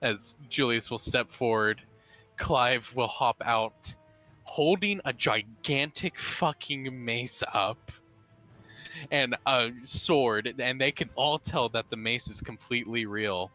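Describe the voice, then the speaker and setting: A man narrating a tabletop role-playing game as game master, unhurried with frequent restarts. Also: medium pitch, bright, forceful tone, faint music behind.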